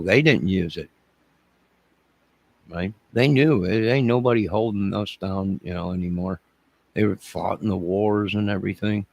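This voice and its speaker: Gravelly-voiced man rambling on a livestream. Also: on the low side. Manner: emotional, repetitive, speaks to chat. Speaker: channel host.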